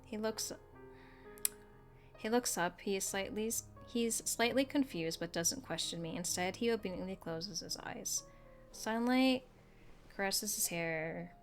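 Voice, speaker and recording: A woman streaming a video game, reading its story text aloud in a soft, level voice. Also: mid-range voice, a little slow, faint music behind. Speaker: gaming streamer.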